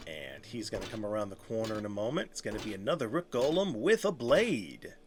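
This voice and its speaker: A man's voice: on the low side, sing-song, fairly quick, hardly any pauses, a little hiss or hum. A man in his thirties giving casual let's-play commentary, talking to himself and to enemies and laughing often. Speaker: gameplay streamer.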